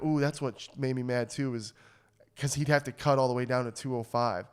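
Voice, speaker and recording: Brief: young male podcast co-host, resonant clear voice, profane and fired up. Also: mid-range voice, fairly quick. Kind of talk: casual chat.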